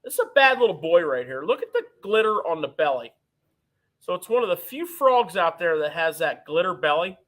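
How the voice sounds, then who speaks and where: Casual male shop host, high bright voice, hands-on gear talk. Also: very animated, brisk. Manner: talkative, explains gear hands-on. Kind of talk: casual live-stream chat. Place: tackle shop.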